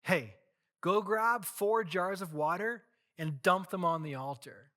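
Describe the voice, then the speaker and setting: A pastor acting out a defiant prophet. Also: male voice, sits high, a little slow, bright, forceful tone. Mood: commanding. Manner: challenging, commanding. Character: bold, defiant male prophet.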